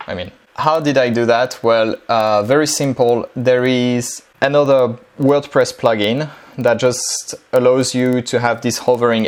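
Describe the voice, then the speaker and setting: In a casual screen-share tutorial, a native French speaker walks through building a language-learning dialogue. He speaks at a medium pitch in a relaxed, chatty manner, with frequent ums and uhs.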